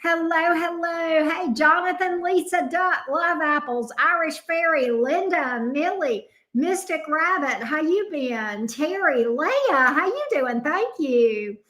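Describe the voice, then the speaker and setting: A woman's voice: high-pitched, slow pace, few pauses, fairly bright tone. A woman with a Southern US accent hosting a tarot live stream, chatting casually and upbeat, greeting viewers by name.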